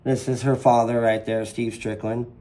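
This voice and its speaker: A retired jet ski racer in his fifties, from southern Louisiana and raised in Nevada, speaks with a Southern US accent as a guest in a casual storytelling interview in his living room. He's an animated storyteller who acts out quoted voices, using a medium pitch at a moderate pace. The roomy home room carries faint ambience.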